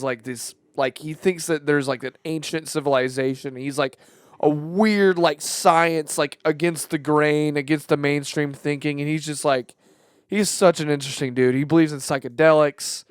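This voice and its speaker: A man's voice: fairly high pitch, moderate pace, smooth, no room sound, studio quality. A man co-hosting a podcast who rambles, searches for words and laughs easily in casual chat. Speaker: podcast co-host.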